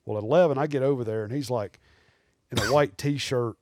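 A man, telling animated, rambling hunting stories as a podcast guest. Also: mid-range voice, fairly quick, no echo, clean studio sound. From Alabama. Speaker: guest taxidermist. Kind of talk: casual storytelling in a podcast interview.

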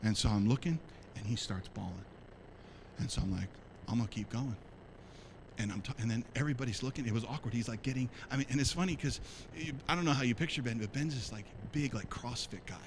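A man preaching a sermon as pastor, telling a personal story in a lively, conversational way to his church. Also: mid-range voice, fast talker, background noise. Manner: animated, conversational, talks to congregation. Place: church sanctuary.

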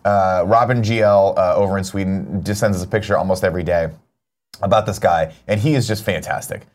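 A man's voice: low voice, steady tone, fairly quick. A man co-hosting a morning show in casual chat, joking and swearing while reading out viewer tips. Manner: joking, profane banter, reads viewer tips aloud.

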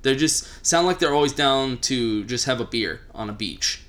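A young man with a light Texan accent and a bright, forward voice. He talks in a loose, casual way, full of "like" and "uh", tossing out blunt, opinionated takes with a joking edge. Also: mid-range voice, expressive, moderate pace. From Texas. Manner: opinionated, joking, many fillers. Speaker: podcast co-host. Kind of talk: casual chat.

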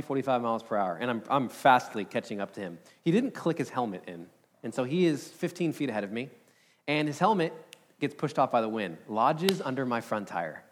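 Fast-talking energetic male preacher. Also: mid-range voice. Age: 30s. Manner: energetic, casual, storytelling with fillers. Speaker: pastor. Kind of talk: sermon with a personal story. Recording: long hall reverb.

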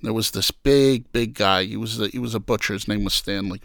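Man from New York, gravelly lively storyteller, dry close sound. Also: fairly low pitch, a little fast, no echo. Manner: animated storyteller who acts out quoted voices. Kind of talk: casual storytelling interview.

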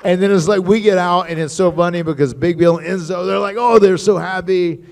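A man's voice: sits high, a little fast. A man telling wrestling stories at a live stage show, acting out what other people said. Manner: animated storyteller acting out others' lines.

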